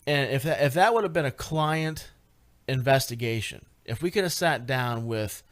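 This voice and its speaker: Excited man retelling a ghost hunt. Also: mid-range voice, moderate pace. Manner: animated, lots of fillers and restarts, rising excitement. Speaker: paranormal investigator guest. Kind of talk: casual radio interview storytelling.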